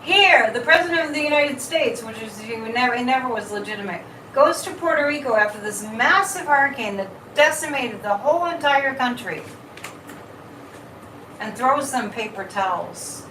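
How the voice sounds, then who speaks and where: Brief: high, bright-voiced woman hosting a live chat stream, animated and repetitive. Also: moderate pace, a little hiss or hum. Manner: animated, repeats words, reads viewer comments. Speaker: psychic livestream host. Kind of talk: casual livestream chat. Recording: echoey room, mic at a distance.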